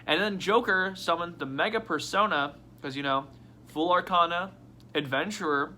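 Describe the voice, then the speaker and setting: A man vlogging casually at his desk, rambling and excitable with frequent swearing and restarts. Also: fairly high pitch, moderate pace, a little hiss or hum. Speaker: toy unboxing vlogger.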